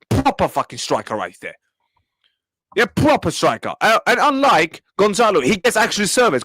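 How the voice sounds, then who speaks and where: A man's voice: high-pitched, a bit bright, no echo, clean studio sound. Angry young man ranting. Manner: angry, repetitive, swearing, talks back to chat. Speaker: football reaction streamer. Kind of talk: live match reaction rant.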